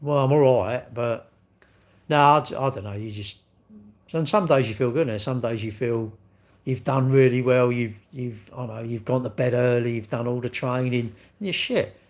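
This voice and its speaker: A man's voice: mid-range voice, steady tone, moderate pace. A man, chatting casually on a live stream and telling rambling, sweary stories while answering viewers. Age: 60s.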